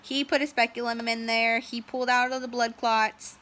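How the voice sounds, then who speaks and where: Bright-voiced woman telling a rambling story. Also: a little high, level tone, normal speed. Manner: rambling, many "um"s and "and so", quotes others in dialogue. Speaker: storyteller recounting a personal medical ordeal. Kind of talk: casual personal storytelling.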